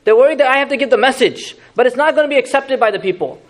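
A man teaching a Quran lesson in a lively, conversational way, asking the audience questions and making joking asides. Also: extremely high pitch, rapid-fire. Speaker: Islamic teacher.

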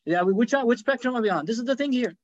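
A man preaching a sermon, telling stories fast with acted quotes and rhetorical questions. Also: very high voice, animated, lo-fi sound. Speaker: Islamic preacher.

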